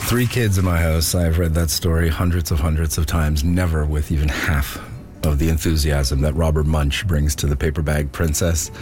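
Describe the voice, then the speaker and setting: A man hosting a radio show, talking in a relaxed, chatty way between segments. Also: a bass voice. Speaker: radio host. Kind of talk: casual radio talk.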